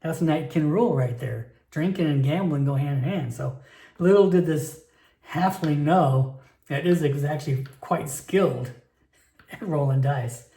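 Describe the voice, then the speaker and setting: A man's voice: fairly high pitch, measured pace, creaky, warm tone. A man playing a solo tabletop game and narrating it in a rambling, chatty way, full of fillers and restarts, recorded in an echoey room.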